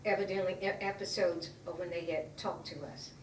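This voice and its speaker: A woman giving an emotional, halting personal account as an interviewee. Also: on the low side, fairly even intonation. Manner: earnest, emotional, halting retelling. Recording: roomy, distant mic, faint noise.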